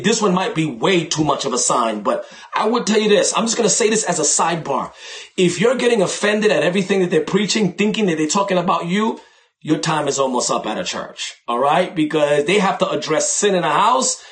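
A man preaching a sermon in a lively, conversational way, dropping into slow, emphatic phrases. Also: a little high. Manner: animated, conversational preaching with sudden slowdowns for emphasis.

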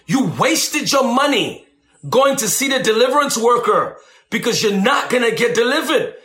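A man preaching on deliverance, animated and emphatic, who acts out shouting ministers and calls his listeners baby. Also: extremely high pitch, echoey room. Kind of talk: sermon.

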